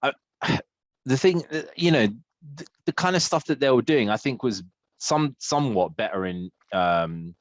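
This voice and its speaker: A man's voice: mid-range voice, animated, moderate pace, no echo, dull audio. A man co-hosting a podcast, chatting casually with lots of fillers, restarts and laughter. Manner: rambling, many fillers and restarts, laughs often. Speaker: podcast co-host. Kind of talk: casual chat.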